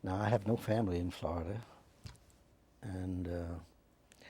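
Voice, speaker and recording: A man, telling his life story in a rambling, halting way in an oral history interview. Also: low-pitched, steady tone, dark tone, breathy edge. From Staten Island, New York. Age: 90s. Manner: rambling, halting, with many restarts. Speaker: interviewee, WWII veteran.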